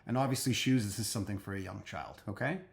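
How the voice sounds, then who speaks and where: A man's voice: fairly low pitch, fast talker, gravelly. A man speaking to parents in a casual advice talk, conversational, often checking in with "okay?" and restarting his sentences.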